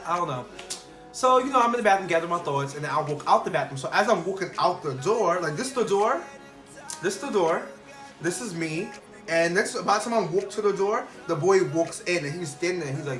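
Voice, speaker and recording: A young man telling a casual storytime vlog, animated and full of fillers, acting out the people in his story. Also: high-pitched, fairly quick. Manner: animated, quotes people in changed voices, many fillers. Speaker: vlogger. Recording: echoey room with faint music.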